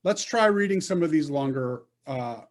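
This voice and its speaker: A man's slightly high, expressive voice guides students through Hebrew reading on a video call. He sounds out syllables and coaches them patiently, speaking slowly and deliberately in this online class.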